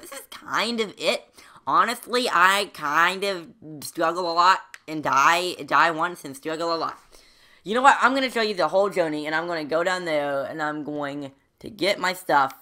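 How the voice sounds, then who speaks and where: A woman's voice: deep voice, normal speed, bright, forceful tone. A woman giving rambling let's play commentary as a gaming channel host, talking to herself as she plays and breaking into sudden squeals and yelps. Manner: chatty, rambling, talks to herself while playing.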